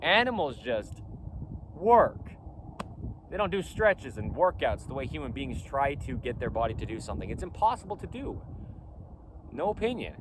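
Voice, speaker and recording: A man speaks outdoors in a casual vlog, his pitch rising and falling in lively swings. He is emphatic and insistent and keeps repeating his points. Faint wind and traffic sit behind him. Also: normal speed. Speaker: clothing company founder. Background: faint wind and traffic noise.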